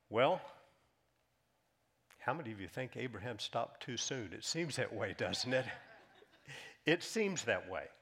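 A male preacher with a mid-range voice, working through a scripture passage. He swings widely, climbing high and loud for bold lines, then sinking to a slow, quiet hush to stress a point. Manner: reads scripture aloud, rising in pitch and volume for emphasis; drops to a soft, slow hush on key lines. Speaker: pastor. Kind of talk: sermon.

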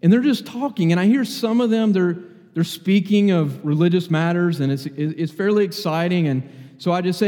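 A man's voice: high voice, normal speed, dark tone. A man preaching a sermon, telling anecdotes and acting out what people said in different voices. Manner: storytelling, acts out quotes in varied voices. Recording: long hall reverb.

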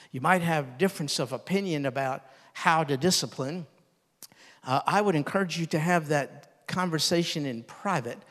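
An older male pastor delivers an earnest sermon in a slightly high voice. When quoting tender words, he drops low and soft, and a long reverb trails his voice.

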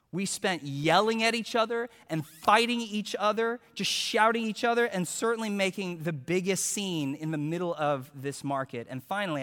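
A male preacher telling a story in a sermon, animated as he acts out quotes, then turning hushed and earnest. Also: high voice, big-room sound.

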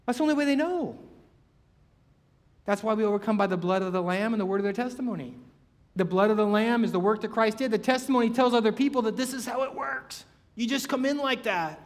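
A man's voice: sits high, brisk, long reverb tail. A man preaching a sermon in a conversational way, full of rhetorical questions and acted-out quotes.

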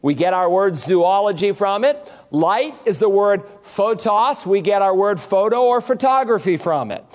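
High-voiced man preaching a sermon. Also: animated, a little slow, hardly any pauses, darkish tone. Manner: emphatic, rhetorical questions, repeated triads. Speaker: pastor. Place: church sanctuary at a pulpit.

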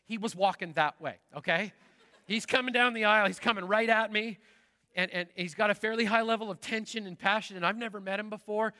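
Bright high-voiced pastor preaching in hall. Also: male voice, a little fast. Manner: conversational storytelling, lively and animated. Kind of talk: sermon. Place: large church sanctuary.

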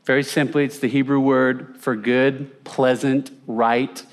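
A man's voice: medium pitch, little pitch movement, unhurried. A man teaching a conversational Bible lesson, asking his audience questions and repeating words for emphasis. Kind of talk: teaching sermon with slides.

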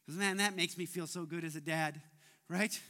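A man preaching a sermon as pastor, talking in an animated way and often repeating his words as he goes. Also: fairly high pitch, normal speed.

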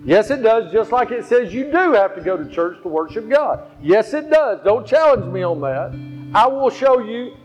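With a high voice full of big pitch swings, the pastor preaches at normal speed. His sermon mixes storytelling with repeated phrases for emphasis, and the slightly dull recording carries a faint guitar.

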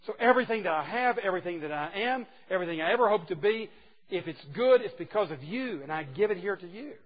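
A man preaching a sermon to a group of men, emphatic and folksy, dropping from loud exclamations to hushed asides. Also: sits high, animated, fast, highs cut off. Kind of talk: sermon to a men's gathering.

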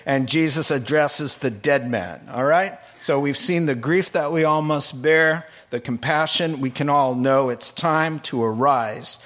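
A man preaching a sermon, telling the story with animated energy and humorous asides. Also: on the high side.

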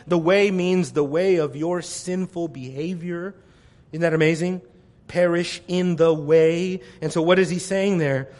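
A man preaching a sermon with passion, swinging between loud declarations and hushed, almost whispered lines. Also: on the high side, fairly even intonation, measured pace. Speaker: pastor.

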